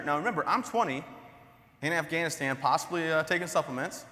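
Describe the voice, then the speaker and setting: Speaking fast with an expressive, sharp, slightly high voice, a young man gives a comedic keynote in a big hall. He tells stories, mocks himself and cracks up at his own jokes, and the stage recording has noticeable hall reverb.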